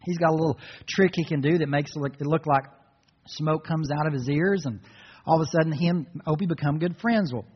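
Man, pastor's sermon, earnest storytelling, husky voice, fairly high, reverberant church hall, muffled sound. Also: brisk. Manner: storytelling, earnest, drops to soft reflective tones.

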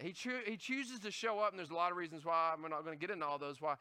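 A male pastor preaching a sermon in an animated, conversational way, often asking the audience questions. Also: high-pitched, quick pace, hardly any pauses, smooth.

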